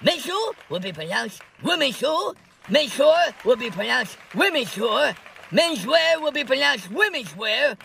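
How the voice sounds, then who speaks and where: A man's voice: very high-pitched, sing-song, measured pace, vocal fry, sharp tone, a little hiss or hum, full character voice. A man voicing a bossy, giggling older woman House Speaker in a comedy parody. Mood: bossy giggly. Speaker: parody impression of a politician.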